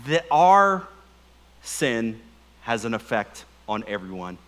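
Speaking slowly in a mid-range voice, a middle-aged pastor delivers a funny sermon, full of jokes, animated energy, and questions put to the crowd.

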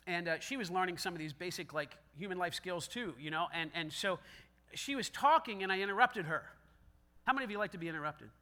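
A man's voice: sits high, bright, forceful tone. A man preaching a sermon as pastor, in a conversational style that acts out quoted dialogue with self-deprecating humor.

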